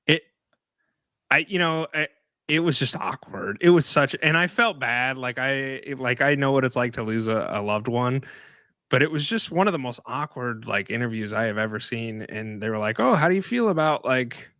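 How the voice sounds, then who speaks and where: Sports podcast guy, sharp tense voice, dry close mic, swears a lot. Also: medium pitch, moderate pace, no echo. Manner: animated, swears, laughs at own slips. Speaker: podcast co-host. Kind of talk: casual sports chat.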